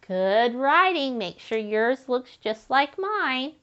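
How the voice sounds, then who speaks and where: A woman teaching young children to write sentences, sounding out letters slowly and praising them. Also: a little high, fairly bright tone, smooth, muffled recording. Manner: slow and encouraging, sounding out letters. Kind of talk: early-grade writing lesson to children.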